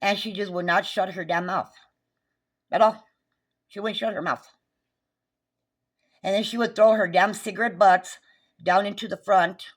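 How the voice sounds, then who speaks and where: A woman's voice: mid-range voice, fairly even intonation, moderate pace, long pauses. A woman, recounting a neighbor dispute in an agitated, profane, repetitive rant. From New Mexico. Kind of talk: angry recounting vlog.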